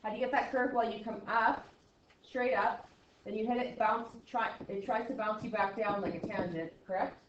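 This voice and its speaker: A woman teaching a math class, counting steps out loud, trailing off quietly, and checking in with "right?". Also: on the high side, fairly even intonation, moderate pace, noisy background. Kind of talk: classroom lecture. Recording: roomy classroom sound, slightly dull.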